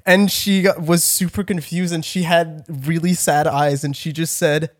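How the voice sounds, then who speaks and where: Young guy rambling thru a funny story on a podcast, kinda high voice, swears a lot. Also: flat delivery, unhurried. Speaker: podcast co-host. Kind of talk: casual chat.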